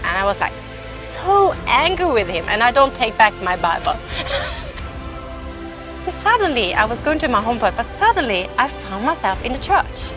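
A woman's voice: fairly high pitch, very animated, over music. Woman giving a heartfelt testimony. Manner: emotional, halting, with frequent restarts. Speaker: testimony speaker. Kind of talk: personal faith testimony.

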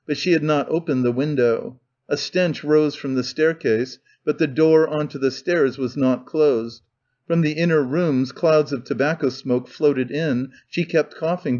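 A man reading an audiobook in measured, deliberate narration. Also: on the high side, darkish tone. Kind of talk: scripted narration. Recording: dull lo-fi recording.

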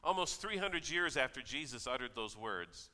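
A man's voice: mid-range voice, expressive, normal speed, pushed and bright. A man preaching a sermon as pastor, conversational and telling stories with quoted voices. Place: church. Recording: church hall reverb.

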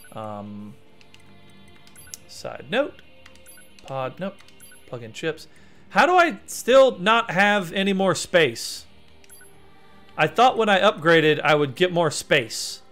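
A man streaming a video game, talking in a slightly high voice that jumps around in pitch. He rambles and gets excited as he plays, and soft game music runs underneath him. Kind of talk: let's play commentary. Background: faint game music.

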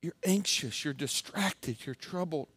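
A man voicing a calm, gentle man who soothes a worried friend in a soft, reassuring way. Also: fairly high pitch, unhurried, slightly rough, no room sound, full character voice.

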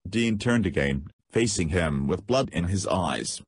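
A man's voice: low-pitched, animated, measured pace, slightly rough, no echo. A man reading an audiobook aloud, narrating a gritty story. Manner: reads dialogue aloud with profanity.

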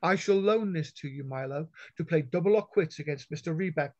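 A man putting on a firm, clear-voiced young noblewoman. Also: fairly high pitch, fairly quick, close to an everyday voice. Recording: dull lo-fi online call audio.

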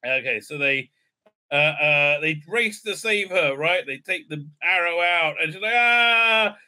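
A man's voice: fairly high pitch, measured pace, bright, forceful tone. A man hosting a casual episode recap and review, talking in a sarcastic, mocking way and dropping into silly put-on voices. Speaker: show host reviewing a TV episode.

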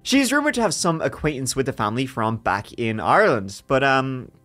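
A man's voice: mid-range voice, big pitch swings, a little fast, fairly bright tone, faint music behind. A man co-hosting a podcast, telling a true-crime story in a casual, joking way. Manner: joking, laughs between story parts. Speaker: podcast co-host.

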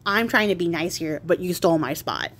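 A woman's voice: lowish voice, brisk, a bit bright, breathy edge, voice pushed down. A woman voicing a fearless young man from a fairy tale who talks in a blunt, chatty, unbothered way. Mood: indignant. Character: brash fearless young male hero, cheerfully oblivious.

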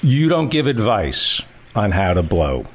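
A man's voice: on the low side, sing-song, measured pace, breathy edge. A man hosting a casual interview, asking teasing, provocative questions. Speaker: podcast host.

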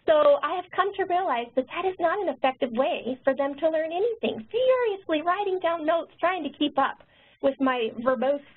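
A woman nurse educator and author who talks quickly, presenting a webinar. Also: high-pitched, lively intonation. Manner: fast-talking. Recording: tinny phone-line webinar audio.

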